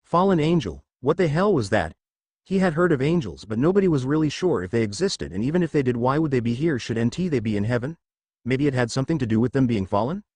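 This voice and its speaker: A man reading out a fan-fiction story as scripted narration, with a lively, animated delivery. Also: medium pitch, fast, no echo.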